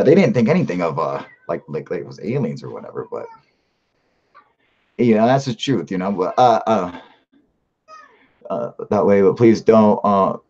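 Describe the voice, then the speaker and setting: Low-voiced, profane man ranting on a stream. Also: a little mellow, muffled recording. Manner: profane, rambling, emphatic. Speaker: live-stream host reading viewer chat. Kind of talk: casual live-stream chat.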